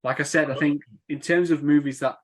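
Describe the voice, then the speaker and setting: A man's voice: fairly high pitch, steady tone, a little fast. A young man co-hosting a podcast, chatting casually and enthusiastically about a film. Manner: enthusiastic, laughing, swearing, quotes film lines. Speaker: podcast co-host.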